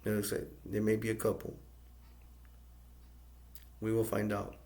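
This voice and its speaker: Monotone man retelling a movie plot. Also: on the low side, unhurried, vocal fry. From United States. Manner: flat, rambling retelling. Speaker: movie reviewer. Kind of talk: casual plot recap.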